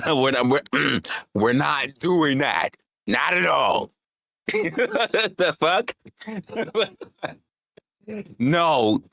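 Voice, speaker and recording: An American man chatting casually on his livestream, animated and rambling, swearing freely and teasing his chat. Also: deep voice, no echo, clean studio sound. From United States. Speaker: livestream host.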